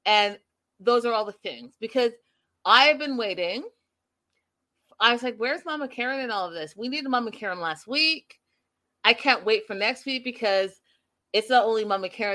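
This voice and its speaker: Woman chatting about a tv show, super animated, does little voices for everyone. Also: fairly high pitch. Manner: animated, quotes people in lively voices. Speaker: reality TV recap host. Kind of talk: casual chat recap.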